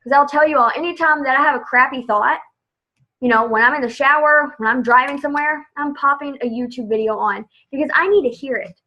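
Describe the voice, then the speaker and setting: Woman, team leader, chatty motivational live video; sharp, bright tone, lo-fi sound. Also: high-pitched. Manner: chatty, upbeat, says "like" a lot. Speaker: direct sales team leader.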